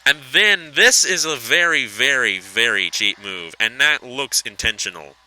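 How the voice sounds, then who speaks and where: Bright, excitable male race commentator. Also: a little slow, a little hiss or hum, rough recording. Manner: excitable, pitch shooting up at close racing; chatty, explains replays. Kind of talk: sim racing play-by-play commentary.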